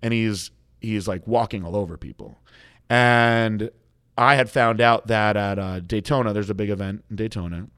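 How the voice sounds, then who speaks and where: Blunt, low-voiced male storyteller. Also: normal speed, clean tone, no echo, studio quality. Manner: animated storyteller, acts out quoted dialogue; blunt, frank. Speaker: guest telling a story. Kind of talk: casual podcast conversation.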